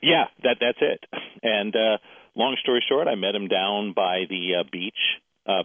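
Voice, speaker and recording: Low-voiced man telling a story over a phone line. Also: dry recording. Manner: animated storyteller, quotes others in dialogue. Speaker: guest. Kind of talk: casual interview storytelling.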